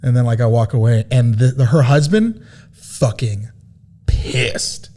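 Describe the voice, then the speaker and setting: A man's voice: mid-range voice, unhurried, dark tone. A man, a guest comedian, telling casual, profane, self-mocking stories on a podcast.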